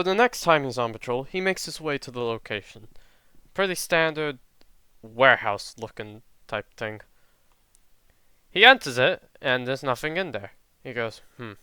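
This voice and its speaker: A man's voice: mid-range voice, bright, forceful tone, smooth, no room sound. A young man casually telling a made-up fan story, jokey and swearing now and then.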